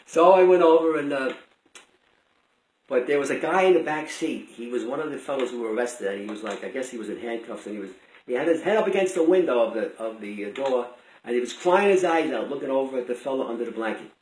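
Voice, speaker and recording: An older man telling a personal story out loud in a rambling, conversational way with many restarts. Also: mid-range voice, fast. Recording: roomy echo.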